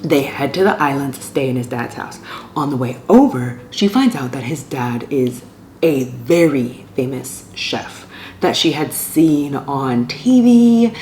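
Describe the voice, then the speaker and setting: A woman's voice: very deep voice, expressive, measured pace, a little mellow. A woman casually and animatedly retelling a romance novel's plot as a book vlogger, sometimes dropping to near-whispers. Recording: echoey room with faint ambient noise.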